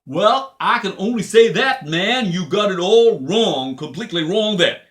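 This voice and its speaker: A man's voice: high-pitched, animated, unhurried, fairly bright tone, pitched above the performer's own voice. A man voicing a laid-back Southern American man who drawls his words and keeps saying man. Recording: echoey room.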